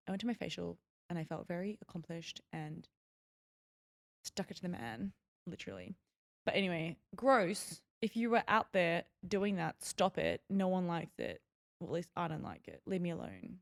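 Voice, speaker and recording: A woman's voice: fairly low pitch, gravelly. A young woman from Melbourne hosting a podcast, telling stories in a chatty, rambling way with lots of fillers. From Melbourne, Australia. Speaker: podcast host. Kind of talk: casual solo podcast storytelling.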